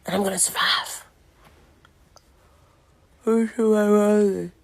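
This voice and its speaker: A woman's voice: medium pitch, steady tone, takes it slowly. A sleepy woman rambling to the camera in a casual vlog, often dropping to a half-whisper and yawning as she talks. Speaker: vlogger.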